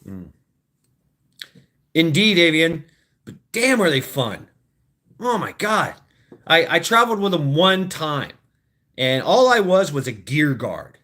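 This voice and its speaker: A man's voice: a little high, very animated, a little slow, sharp tone. A man, maybe in his thirties, hosting a casual livestream, talking to his chat in a rambling, profane way and laughing at his own jokes. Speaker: livestream host.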